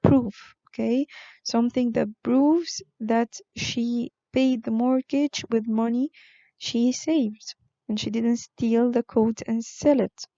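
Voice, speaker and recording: A woman teaching an online vocabulary lesson, explaining words slowly with frequent fillers. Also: fairly high pitch, fairly even intonation, warm tone, dry recording, lo-fi sound. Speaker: English teacher.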